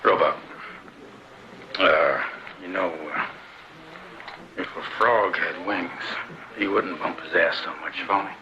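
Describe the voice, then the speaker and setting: An actor playing a crude, wisecracking frontier saloon owner who jokes and swears in a coarse way, in 1970s western film acting. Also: male voice, deep voice, fairly even intonation, slow, pauses often. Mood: scornful. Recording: dull old film soundtrack with hiss.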